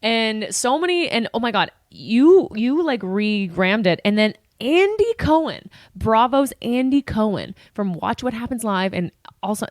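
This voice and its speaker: Woman, podcast co-host, mid pitch, chatty and eager, dry close mic. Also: sing-song, no room sound. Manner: chatty, eager, agrees in quick asides. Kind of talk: casual chat.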